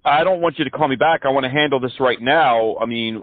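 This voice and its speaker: A man's voice: medium pitch, quick pace, dry recording. A man making a prank phone call, sarcastic and mocking as he talks. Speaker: prank caller. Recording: tinny phone line.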